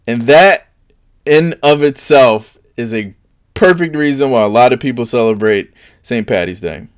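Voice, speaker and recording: A man's voice: unhurried, clear, resonant tone. A man delivering a sarcastic comedic monologue, dipping into mocking voices for his jokes. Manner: sarcastic, swings into high mocking put-on voices for bits. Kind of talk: stand-up style comedic monologue.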